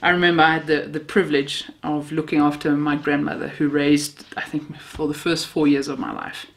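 A woman's voice: low-pitched, level tone, fairly quick. A woman from Namibia, preaching a sermon built on personal stories, heartfelt with a self-mocking sense of humor.

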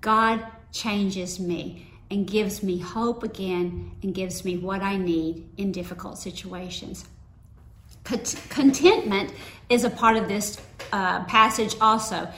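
A woman's voice: mid-range voice, a bit bright. A woman giving a sermon in a conversational, storytelling way, with personal anecdotes. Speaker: preacher. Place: church sanctuary. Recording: roomy echo.

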